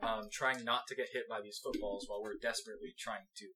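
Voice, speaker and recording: A man's voice: on the low side, fairly even intonation, quick pace, bright, forceful tone, slight background noise, poor audio. A young man hosting a podcast, telling a rambling story in casual chat, laughing and acting out the voices of people in it. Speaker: podcast host.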